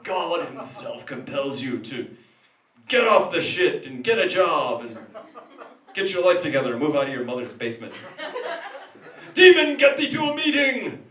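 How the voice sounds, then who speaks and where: A man voicing an exorcist priest who commands a demon in a loud, preachy way. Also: on the high side, very animated, moderate pace, voice pushed up. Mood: commanding. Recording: echoey room from far off.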